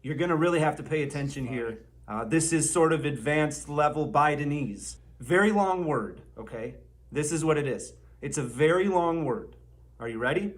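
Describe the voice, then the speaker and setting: A man's voice: fairly high pitch, lively intonation, normal speed. A man narrating a comedy video as a mock teacher, drawing out his examples. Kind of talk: mock lesson.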